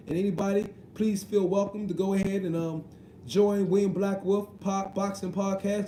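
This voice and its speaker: High-voiced slangy man streaming live. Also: mellow, reverberant, slight background noise, poor audio. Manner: joking, slangy, repeats "you know what I mean". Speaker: livestream host reading chat. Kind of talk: casual live-stream chat.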